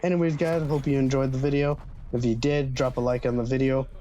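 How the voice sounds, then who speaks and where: Young male vlogger, casual swearing storyteller, average pitch, somewhat dull recording. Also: level tone, brisk, warm tone. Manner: casual, swearing freely, slangy. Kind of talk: storytime vlog.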